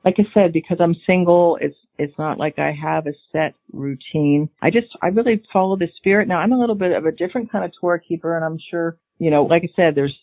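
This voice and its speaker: A middle-aged woman chats as a guest in a bubbly, enthusiastic way, quick to laugh. Her voice comes through a thin, phone-like line. The sound is dry, with no room around it. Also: fairly low pitch, no room sound. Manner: chatty and enthusiastic, laughs often. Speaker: podcast guest. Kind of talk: casual chat.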